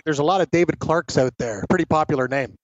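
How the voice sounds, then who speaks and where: A man's voice: a little high, quick pace, no room sound, highs cut off. Man chiming in with short quips. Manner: short reactive interjections, laughing along. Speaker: sports radio host. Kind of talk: casual chat.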